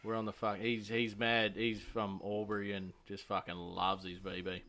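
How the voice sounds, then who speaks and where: A man's voice: fairly low pitch, little pitch movement, normal speed, pushed and bright. A young Australian man telling a rowdy pub story in casual chat, swearing heavily and acting out the lines he quotes. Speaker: podcast host.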